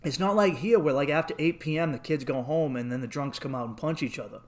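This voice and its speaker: A young man talks fast in a casual chat about his travels, rambling and swearing as he goes. When he quotes people, he acts them out in a high voice.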